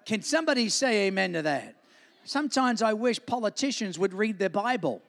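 A man's voice: high voice, expressive, fairly quick, gravelly, a bit bright. A man, a pastor, preaching a sermon and calling on the congregation to say amen. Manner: preaching with call-and-response asks for amen. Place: church. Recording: long hall reverb.

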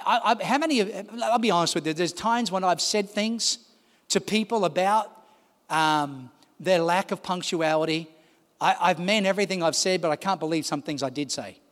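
A man preaching a sermon as pastor, pressing his congregation with repeated calls to listen. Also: high-pitched. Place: large church hall. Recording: long hall reverb.

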